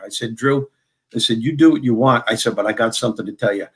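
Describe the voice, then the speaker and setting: New man, middle-aged, lively storyteller who acts out the other people in his stories. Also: medium pitch. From Long Island, New York. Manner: animated storyteller who acts out dialogue in quick bursts. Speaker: guest, motivational speaker and former comedian. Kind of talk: storytelling in a podcast interview.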